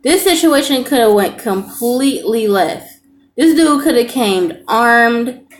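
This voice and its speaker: A woman's voice: a little high, animated, takes it slowly. A young woman reacting to a video in casual, earnest commentary, repeating her points for emphasis.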